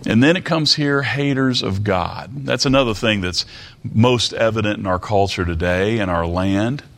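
A middle-aged man preaching a sermon, slow and deliberate, repeating words for emphasis and asking the congregation rhetorical questions. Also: lowish voice, vocal fry, fairly bright tone.

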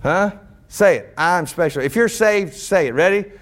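A middle-aged man preaching a sermon, folksy and animated, breaking into shouted bursts. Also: high voice, a little slow.

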